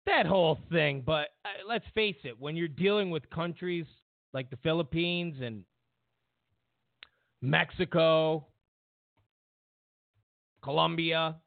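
With a slightly high, creaky voice, the political show host takes his time and leaves long pauses. He rambles with plenty of fillers and restarts and does mocking impressions of others, recorded with a dry, tinny, phone-like sound and no echo.

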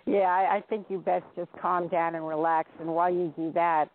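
A woman's voice: lowish voice, flat delivery, brisk. A woman hosting a radio show, asking her guest chatty, teasing questions. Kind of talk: casual radio chat. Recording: tinny phone-like line.

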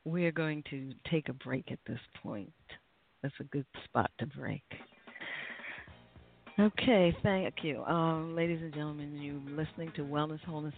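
A woman hosting a radio show, reading the break and sponsor details in a measured, announcer-like way. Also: low-pitched. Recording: tinny phone-like line with faint music.

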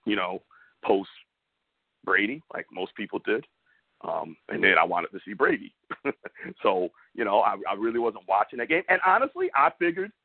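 A man's voice: medium pitch, no room sound. A man hosting a sports talk show, ranting and mocking rival fans in an opinionated way. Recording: tinny phone-like audio, dry.

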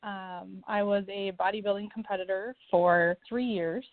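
A woman's voice: medium pitch, fairly even intonation, normal speed, no room sound. A woman guest on a talk radio show, speaking a little hesitantly. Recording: dry phone line.

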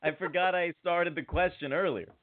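A man's voice: high-pitched, normal speed. A man hosting a radio show, teasing his co-host in loose, playful banter. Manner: playful, teasing, reads aloud. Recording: tinny phone-like sound.

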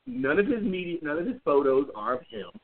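Profane, animated man on a tinny line. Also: fairly high pitch, brisk. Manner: blunt, profane, animated storytelling. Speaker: podcast co-host. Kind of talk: casual chat. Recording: tinny phone-like audio.

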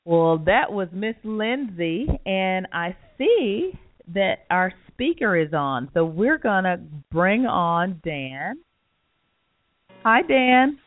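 A woman's voice: medium pitch, sing-song, slow, dry recording. A woman hosting a radio talk show, friendly, with short interjections. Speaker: radio host. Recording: dry phone-like sound.

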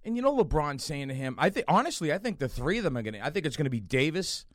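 Animated man telling stories. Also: on the high side, fast talker, no echo, studio quality. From Boston area. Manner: animated storyteller with frequent restarts and fillers. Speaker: guest actor. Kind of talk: casual podcast interview.

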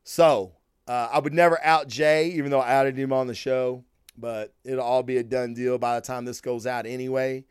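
A man hosting a casual podcast, telling stories in an animated, heavily profane rant. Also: mid-range voice, normal speed, clear, resonant tone, no echo, clean studio sound. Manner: profane, animated storytelling with frequent swearing. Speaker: podcast host.

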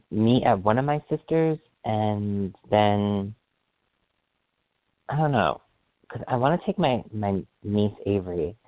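Excitable man, deep voice, phone-like sound. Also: no echo. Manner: excitable, rambling, quick to apologize. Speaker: podcast host. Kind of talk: casual solo podcast chat.

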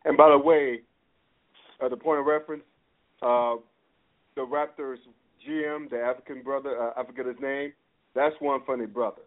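A man's voice: mid-range voice, normal speed, pauses often. A man hosting a casual sports chat, rambling and repeating himself as he builds his point. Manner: rambling, repeats words and restarts, excitable. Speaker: podcast host. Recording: tinny phone-like audio.

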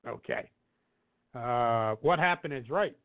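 A man's voice: medium pitch, expressive, takes it slowly. A man co-hosting a casual sports talk show, rambling with lots of fillers and restarts. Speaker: podcast co-host. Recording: tinny phone-like audio.

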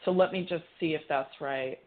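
A woman's voice: sits low, moderate pace, narrow, tinny audio, a little hiss or hum. A woman psychic medium giving a live reading on a call-in show, chatty, relaying messages as quotes.

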